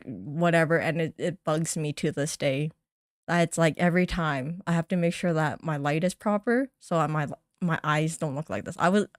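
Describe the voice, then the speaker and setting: A woman's voice: sits low, no room sound, studio quality. A woman streamer chatting casually and teasing herself, laughing often as she reacts to an old stream of hers.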